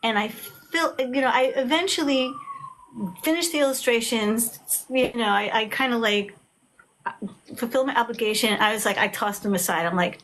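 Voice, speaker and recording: A middle-aged woman chats as an author guest, her voice sitting a bit high. She tells her stories with animated, acted-out quotes. Faint background noise sits under the recording. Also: moderate pace. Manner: animated storyteller, acts out quotes. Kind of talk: casual video chat.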